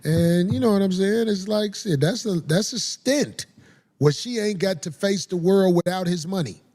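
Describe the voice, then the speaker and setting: A man's voice: sits high, normal speed, a little mellow. A man talking bluntly and profanely in a casual podcast discussion, firm in his opinions.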